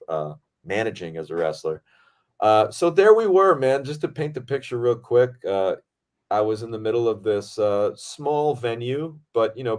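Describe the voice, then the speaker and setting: A man with a fairly low voice chats on a podcast about his days on set. He talks in an excitable, animated way and swears freely as the story builds. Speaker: podcast host and film director. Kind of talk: casual storytelling chat.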